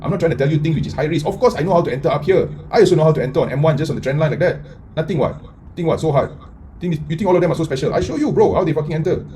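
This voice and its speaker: Man, trading mentor, quick, dark tone, blunt, profane, rhetorical questions, loud bursts and mutters. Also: a little high. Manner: lively, swings between loud and muttered. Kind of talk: live trading lesson.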